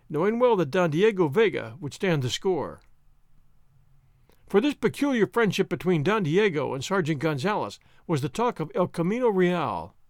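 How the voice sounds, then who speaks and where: A man narrating an audiobook in an expressive, dramatic storytelling way. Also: high voice, dry recording, studio quality. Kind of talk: audiobook reading.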